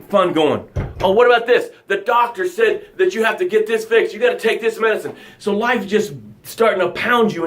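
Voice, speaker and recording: Middle-aged guy coaching his "tribe" on a live show, voice a bit high, goes quiet then loud, reads comments out. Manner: dramatic swings from soft and low to loud and high; addresses his audience as tribe, reads viewer comments aloud. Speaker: motivational coach and show host. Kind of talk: motivational live broadcast talk.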